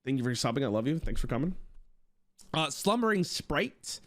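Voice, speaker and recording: Excitable man reviewing cards to chat. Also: medium pitch, normal speed. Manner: excitable, swears, thinks aloud. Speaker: streamer reviewing card-game cards. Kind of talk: casual live card review to chat.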